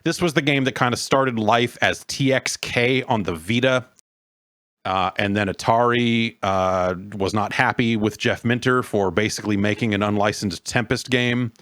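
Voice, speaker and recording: A man hosting a casual podcast, rambling and halting, with dry sardonic remarks. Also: medium pitch, a bit bright, dry recording. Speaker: podcast host. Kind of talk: casual chat.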